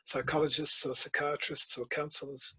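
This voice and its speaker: An older man, a guest author and principal telling stories in a measured, reflective interview. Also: on the high side, little pitch movement, pushed and bright, breathy edge, poor audio. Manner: measured storytelling, tells anecdotes.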